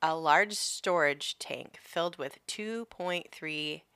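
A woman's voice: sits low, takes it slowly, pushed and bright, clear, resonant tone, dry recording. A woman co-hosting a podcast in casual chat, laid-back and swearing, reading out historical facts. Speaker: podcast co-host.

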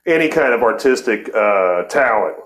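A man's voice: lowish voice, lively intonation, moderate pace, fairly bright tone. A man in his forties hosts a podcast in a loose, heated way, swearing constantly and breaking into laughter. His voice rings out in a roomy, echoing space. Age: 40s. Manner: heated, cursing, laughing often. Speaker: podcast host. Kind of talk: profane casual chat.

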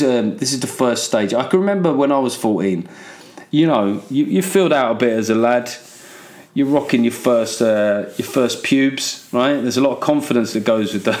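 A man's voice: mid-range voice, a little mellow. An English man hosting a solo podcast, rambling in a sweary, sardonic way through politics, plugs and listener letters. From England. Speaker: podcast host. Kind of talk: casual solo podcast monologue.

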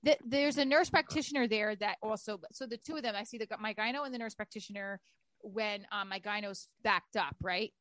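A woman's voice: medium pitch, a little fast, a bit bright, no echo. A woman in her thirties telling candid personal stories in casual chat, swearing freely.

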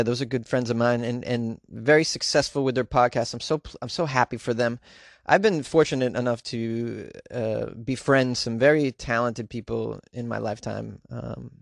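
A man's voice: medium pitch, creaky, no room sound, clean studio sound. A man hosting his own podcast in a casual, rambling way, with plenty of ums and side remarks. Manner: rambling, with many ums and trailing asides. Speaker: podcast host and comedian. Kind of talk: casual chat, reading out listener reviews.

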